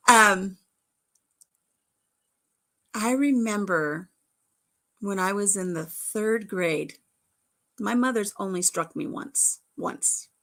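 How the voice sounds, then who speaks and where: Speaking extremely slowly with frequent pauses, this middle-aged woman has a mid-range, fairly bright voice. As a livestream host, she shares childhood stories in a chatty, giggly way, with playful innuendo.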